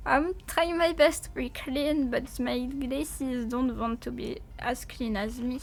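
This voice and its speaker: A woman's voice: high-pitched, fairly even intonation, slow pace, gravelly, few pauses. A woman streamer in casual livestream chat with her viewers. She talks in a playful, silly way, swears often and sounds sleepy. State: sleepy, yawning.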